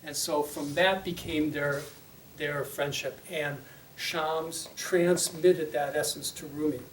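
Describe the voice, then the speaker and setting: A man's voice: on the high side, fairly even intonation, slow pace, slight background noise. Man telling a teaching story, distant roomy mic. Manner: conversational, with fillers and check-ins. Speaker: religious teacher. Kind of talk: storytelling lecture.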